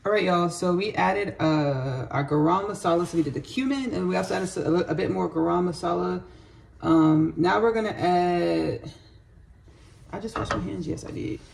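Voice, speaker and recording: Gravelly-voiced woman chatting while cooking. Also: fairly low pitch, normal speed, darkish tone. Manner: rambling, chatty, drifts into spiritual asides. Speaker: home cook vlogger. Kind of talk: casual cooking commentary. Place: home kitchen.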